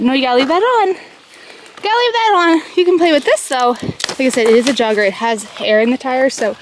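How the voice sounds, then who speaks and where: A young woman chatting casually to camera in a mom vlog, talkative and quick to laugh. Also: fairly high pitch, slight background noise. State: out of breath. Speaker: vlogger.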